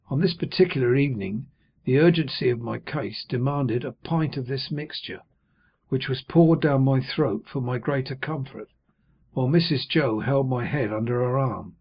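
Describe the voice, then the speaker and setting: A man narrates a classic novel in a measured, even storytelling voice. His tone is husky and sits at a middle pitch. The recording sounds dull and lo-fi. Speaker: audiobook reader. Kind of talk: scripted narration.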